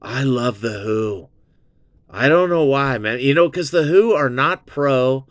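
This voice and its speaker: A man's voice: medium pitch, lively intonation, measured pace, no room sound, studio quality. A man in his fifties from Southern California, hosting his own show with a casual, rambling, profane music review. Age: 50s. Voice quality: profane, meandering, full of fillers.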